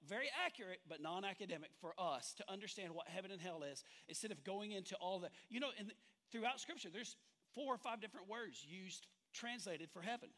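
A man's voice: high-pitched, fairly bright tone. A male pastor preaching a sermon in a church sanctuary, talking conversationally and drawing the congregation in with questions and jokes.

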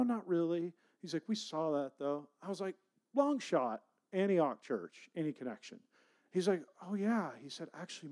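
A man, a pastor, telling a personal story in a conversational, animated sermon style. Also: on the high side. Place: church.

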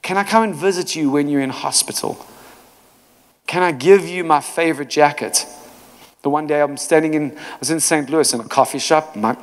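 A man preaches with earnest, conversational warmth, telling stories from the pulpit. His voice sits a little high for a man. A long reverb from a church hall hangs behind every line. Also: moderate pace. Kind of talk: sermon.

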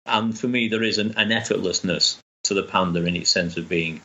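A man's voice: low-pitched, brisk, bright, forceful tone, lo-fi sound. A man chatting enthusiastically as a guest, rambling with restarts. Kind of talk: casual chat.

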